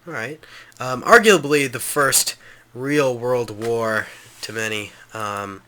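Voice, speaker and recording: A man's voice: mid-range voice, slow, bright, forceful tone. A man hosting a gaming channel, giving enthusiastic, rambling gameplay commentary with frequent ums.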